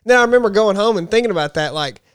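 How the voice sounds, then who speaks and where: High-voiced man chatting about faith. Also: animated, very fast, smooth, dry recording, clean studio sound. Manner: rambling, self-correcting, joking. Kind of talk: casual faith discussion.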